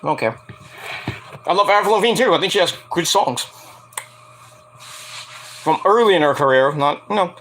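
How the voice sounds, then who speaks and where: A man casually recapping a wrestling show, animated, profane and sarcastic. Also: high voice, normal speed, long pauses, a little hiss or hum. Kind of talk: casual rant-style recap.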